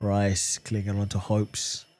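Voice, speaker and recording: This fan channel host has a fairly low-pitched voice and speaks slowly while hosting a live football watchalong. He reads viewer comments aloud and answers them, animated as he swings from calm conversation to outraged shouting at the referee.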